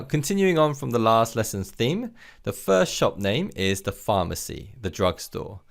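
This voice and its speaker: In a recorded language lesson, a man with a fairly low-pitched voice teaches patiently and encouragingly, modeling each word clearly so learners can repeat it.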